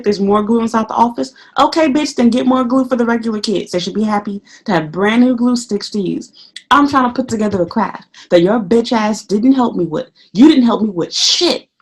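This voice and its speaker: Woman venting profanely in a vlog. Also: a little high. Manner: profane, animated storytelling; acts out her own quoted remarks. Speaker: English teacher in Japan.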